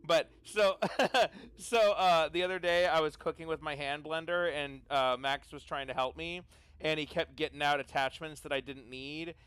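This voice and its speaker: Guy rambling through a story at the game table, kinda high smooth voice, dry close sound. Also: fairly even intonation, moderate pace, fairly bright tone, no room sound. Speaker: player. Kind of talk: casual chat during a tabletop game.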